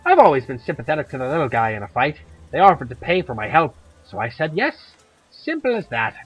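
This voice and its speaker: A man doing a gruff Irish monster huntress. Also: a little high, big pitch swings, fairly quick, no room sound, lo-fi sound, faint music behind. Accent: put-on Irish, drifting toward Scottish. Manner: gruff, blunt and chatty, with Irish slang. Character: tough middle-aged Irish woman, blunt monster hunter.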